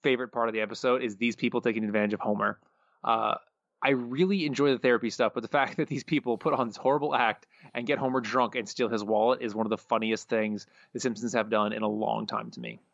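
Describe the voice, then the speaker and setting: Male podcast co-host, mid-pitched voice, dry and muffled lo-fi sound, steady plot recap full of "uh"s. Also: fast, vocal fry, dry recording. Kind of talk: casual chat.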